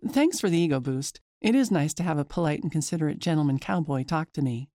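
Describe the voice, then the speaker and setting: A woman giving a chatty, lively first-person story narration. Her voice is mellow and mid-pitched, and the sound is close and dry. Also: fast talker, no echo.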